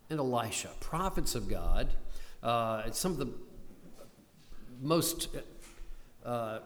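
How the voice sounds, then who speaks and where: An older man preaching a sermon, retelling scripture in a storytelling way and pressing hard on key lines. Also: mid-range voice. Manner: storytelling, rising to urgent emphasis in quoted pleas. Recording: long hall reverb.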